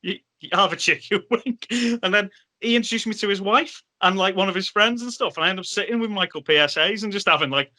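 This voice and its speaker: A man spins casual anecdotes as a podcast guest. His voice is very bright and a little high for a man. He tells his stories with animation, acting out other people's lines. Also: quick pace. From Liverpool, England.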